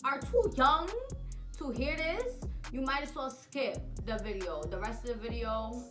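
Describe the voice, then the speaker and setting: A woman's voice: fairly high pitch, unhurried, echoey room, soft background music. Slangy young woman telling a story. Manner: slangy, animated storytelling with asides to viewers. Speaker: vlogger telling a story time. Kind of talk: casual story time.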